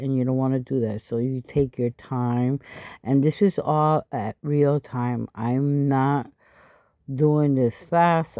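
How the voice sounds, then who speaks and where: A woman hosting a casual craft tutorial, tired and a little stuffy, with a raspy, low voice as she explains each step. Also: warm tone, no room sound, studio quality. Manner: chatty, explaining step by step with frequent asides. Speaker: craft channel host.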